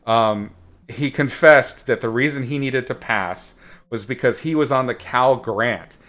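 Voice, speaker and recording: A man's voice: mid-range voice, a little slow, a bit bright. Guy painting on stream, rambly story, lots of uh and like, swears a bit. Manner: rambling, frequent fillers and restarts, blunt swearing. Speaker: painting instructor streaming a painting session. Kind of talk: casual storytelling while painting.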